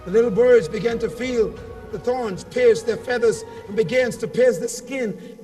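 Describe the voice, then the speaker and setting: A man's voice: very high-pitched, recorded from a distance. A man giving a motivational speech to a convention audience, telling a story dramatically and leading call-and-response. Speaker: motivational speaker. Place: large convention hall.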